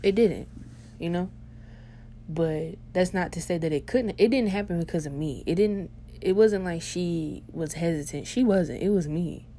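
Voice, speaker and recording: A young woman podcast host telling a funny story in casual, slangy, profane chat, animated and laughing as she goes. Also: on the low side, moderate pace, a little hiss or hum.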